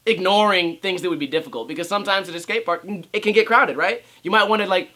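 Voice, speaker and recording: Speaking high and briskly with a sharp edge, a young man vlogs at home about skateboarding. The casual rant is sarcastic and profane, and he regularly mocks other people's voices.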